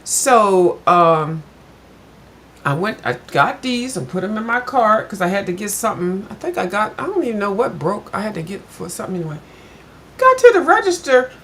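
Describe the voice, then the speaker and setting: A woman's voice: medium pitch, normal speed, a little hiss or hum. Chatty older woman telling a story. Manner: chatty, addresses viewers as "girl", animated when retelling. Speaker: vlogger. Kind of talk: casual storytelling chat.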